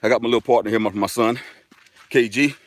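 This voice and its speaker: A man's voice: medium pitch, steady tone, fast. A man hosting a casual live stream outdoors, chatting upbeat and directly to his viewers while walking a dirt road.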